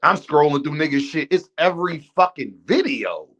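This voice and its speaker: A man with a high voice hosts a live stream in unscripted rant mode. He talks bluntly and profanely, addressing his chat directly and heatedly. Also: expressive, moderate pace, fairly bright tone, breathy edge. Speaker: livestream host.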